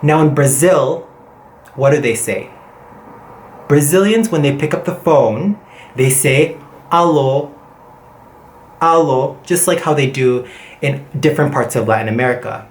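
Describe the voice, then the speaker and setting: A language teacher giving a casual vocabulary lesson, chatty and animated, with many fillers and self-corrections, mixing in Portuguese words and phrases. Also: mid-range voice, normal speed, roomy sound.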